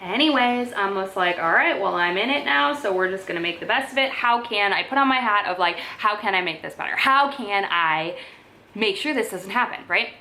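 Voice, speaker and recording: Bright-voiced exasperated woman vlogger. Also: medium pitch, normal speed, poor audio. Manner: animated, exasperated storytelling with many "like"s. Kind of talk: casual storytime chat.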